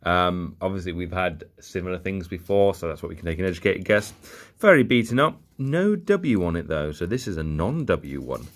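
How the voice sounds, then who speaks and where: In a deep, animated voice at a moderate pace, a young vlogger sorts through a bag of old toy cars. His casual unboxing commentary is rambling and jokey, peppered with muttered asides.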